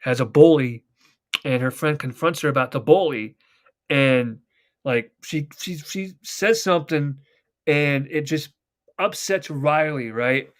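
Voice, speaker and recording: A young man with a somewhat high voice talks loosely and at length. He rambles through retold TV scenes, swearing freely in casual podcast chat. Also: a little slow. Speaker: podcast host.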